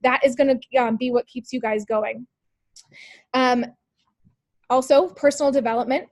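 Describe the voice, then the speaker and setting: A woman's voice: high-pitched, fairly even intonation, normal speed, dry recording. A woman leading a motivational team call, upbeat and coaching, talking straight to her listeners with lots of rhetorical questions. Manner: upbeat, peppy coaching, full of "like" and "you guys". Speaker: team leader on a sales call.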